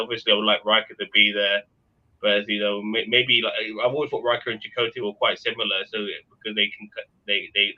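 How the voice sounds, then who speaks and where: A man's voice: fairly low pitch, lo-fi sound. A man chatting enthusiastically and at some rambling length on a live panel. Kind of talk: casual live panel chat.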